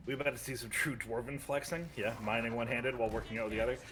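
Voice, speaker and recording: A man's voice: medium pitch, fairly even intonation, noisy background. Sarcastic American man gaming chat. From United States. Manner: quick, swearing, sarcastic banter. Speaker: co-streamer.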